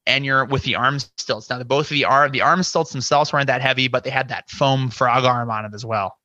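A man's voice: mid-range voice, steady tone, brisk, sharp tone, no echo, lo-fi sound. A man guesting on a podcast, telling a story casually with lots of "you know" and acted-out inner quotes. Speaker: podcast guest, scare actor.

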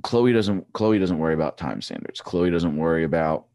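Deep-voiced man telling stories, dry sound. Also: moderate pace, no echo. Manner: rambling, animated storytelling with repeated restarts. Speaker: podcast guest, former track cyclist. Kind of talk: casual chat.

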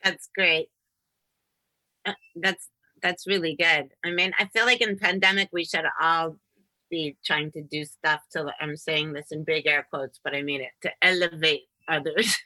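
A middle-aged woman hosts a loose, chatty interview with a vivid, very bright voice. She tells stories with frequent laughs and casual swearing. The sound is dry and close. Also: low voice, steady tone, a little slow, no echo, rough recording. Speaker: podcast host.

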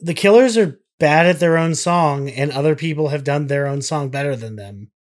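A man's voice: a little high, normal speed. A man co-hosting a podcast in casual chat, leading the segment with dry jokes and puns. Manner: dry, jokey, leads the segment. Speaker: podcast co-host.

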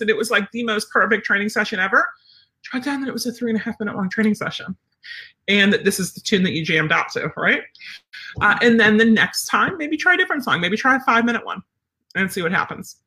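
A dog trainer chatting casually on a live stream, answering viewer comments and acting out little dialogues. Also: medium pitch. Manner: animated, chatty, acts out dialogues.

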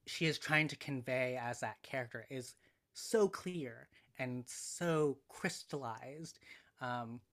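Bright-voiced thoughtful man, measured. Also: mid-range voice. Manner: thoughtful, measured, frequent ums and pauses. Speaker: podcast guest, writer. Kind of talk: casual conversational analysis.

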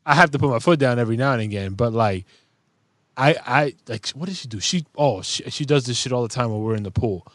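Podcast host dude, average pitch, chill and chatty, cursing a lot, dry close mic. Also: male voice, expressive, quick pace, fairly bright tone, no room sound. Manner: conversational, drops to a low mutter, swears casually. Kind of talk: casual chat.

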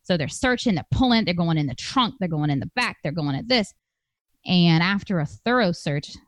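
A woman's voice: low voice, no echo. A woman telling a personal story to an audience, conversational and emphatic, acting out the voices of the people she quotes. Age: adult with a master's degree.

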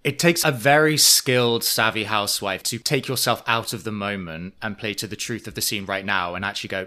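Bright-voiced man, witty podcast chat. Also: on the low side, fairly quick, few pauses. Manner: witty, analytical, animated. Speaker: podcast co-host. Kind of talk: casual chat.

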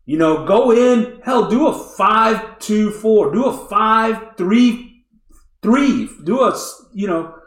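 A man co-hosting a casual sports podcast, talking in an animated, emphatic way and laughing often. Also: high-pitched, takes it slowly, reverberant.

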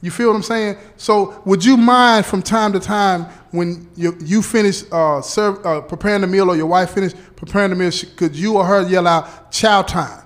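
A man playing a parole officer who explains things slowly and deliberately, checking in often with "okay?" and "right?". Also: high voice, steady tone, close to an everyday voice. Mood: explaining. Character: patient male parole officer briefing a relative.

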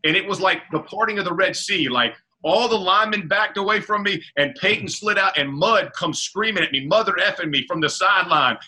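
A man, a former pro football player, telling animated casual stories in an interview, with colloquial talk and repeated words. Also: high voice, fairly quick, hardly any pauses.

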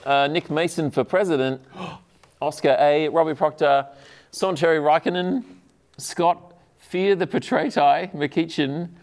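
A man hosting a casual studio panel show, rattling through a list of patron names with plenty of fillers and restarts. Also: fairly high pitch. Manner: halting, many fillers and restarts. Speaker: podcast host.

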